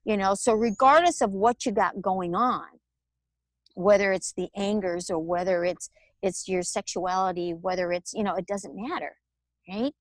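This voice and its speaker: A woman, telling her personal story as an interview guest in a candid, animated way. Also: medium pitch, moderate pace, dry recording. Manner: candid, animated storytelling with laughs and acted-out quotes. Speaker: guest, author and alternative healer.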